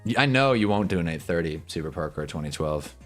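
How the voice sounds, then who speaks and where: A young man live-streaming commentary on a football awards show, swearing and laughing as he swings from loud outbursts to low mumbles. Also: animated, brisk, faint music behind. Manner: profane, laughs often.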